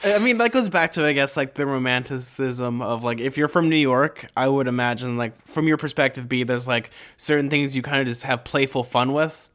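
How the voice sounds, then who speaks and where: A man's voice: mid-range voice, brisk, few pauses, a bit bright. Easygoing young man from California. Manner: rambling, easygoing, many "like" fillers. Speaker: podcast co-host. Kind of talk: casual chat.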